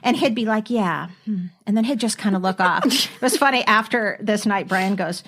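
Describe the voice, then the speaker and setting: Animated woman podcast host telling stories. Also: medium pitch, fairly quick. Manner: animated storyteller, laughing often. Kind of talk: casual chat.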